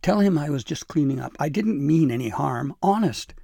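A man's voice: medium pitch, moderate pace, darkish tone, no room sound, studio quality, natural voice. A man voicing an anxious, pleading young male elf in a storybook reading, talking in a nervous rush.

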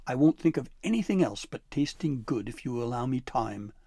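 A man's voice: mid-range voice, lively intonation, a little fast, vocal fry, mellow, no room sound. A man voicing a frightened young male captive who pleads desperately. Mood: pleading.

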